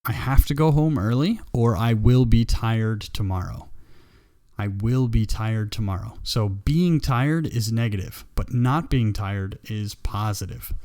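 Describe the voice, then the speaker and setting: Slow, patient male English teacher. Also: on the low side, warm tone, dry recording, studio quality. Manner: slow, patient, repeats example sentences. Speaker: ESL teacher. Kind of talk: live English grammar lesson.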